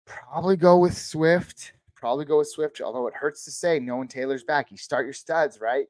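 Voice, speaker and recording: A man from Northern California hosting a live fantasy football Q&A, reading chat questions and giving quick, casual verdicts on who to start. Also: a little high, no echo. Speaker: fantasy football livestream host.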